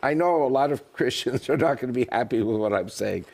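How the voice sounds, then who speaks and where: A man talking as an interview guest, an author and politician, telling jokes in an animated way. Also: mid-range voice, fairly quick. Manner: animated, joking storyteller. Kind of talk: casual interview talk.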